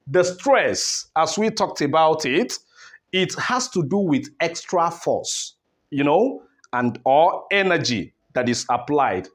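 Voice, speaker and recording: A man teaching word stress, asking rhetorical questions and repeating words to contrast the stress. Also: on the high side. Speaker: English teacher. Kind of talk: classroom lesson on word stress.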